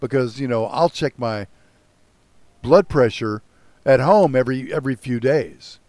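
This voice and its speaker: A man's voice: medium pitch, unhurried, a little mellow, dry recording. An older man hosting a casual podcast chat, ranting with lots of profanity and mocking himself.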